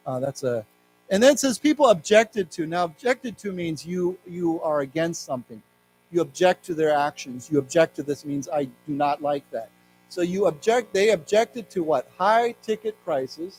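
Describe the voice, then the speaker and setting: A middle-aged man with an American accent teaching an English lesson, explaining words and reading news aloud slowly. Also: a little high, darkish tone, poor audio. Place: library lecture room.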